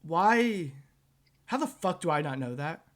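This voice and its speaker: A man's voice: on the high side, lively intonation, measured pace, noisy background. Casual man running a tabletop game. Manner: casual, swears, many fillers. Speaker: game master.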